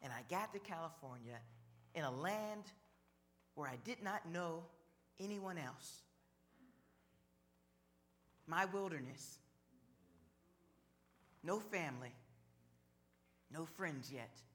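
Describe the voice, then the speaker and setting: A man preaching a sermon, slow and measured, building on repeated phrases. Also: fairly high pitch, expressive, fairly bright tone. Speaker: pastor.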